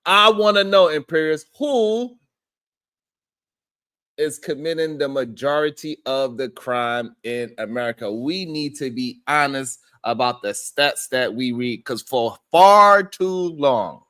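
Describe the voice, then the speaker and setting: A man with a somewhat higher voice hosts a casual live stream. He greets chat viewers by name as he goes and argues his point in a loose, repetitive, conversational way. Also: lively intonation, slow pace, a bit bright, smooth. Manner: conversational, repeats himself as he rambles.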